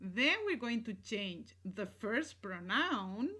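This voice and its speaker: Very animated yet slow and patient, a woman at medium pitch records a Spanish grammar lesson. Her bright, clear voice keeps confirming students are keeping up as she mixes English explanations and Spanish examples.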